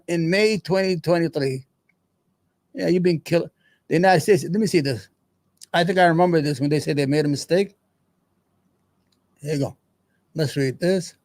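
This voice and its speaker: A man's voice: high voice, darkish tone, no room sound. A man hosting a live-stream show, reading out news headlines and commenting on them in a heated, profane and sarcastic way. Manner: mutters to himself between headlines.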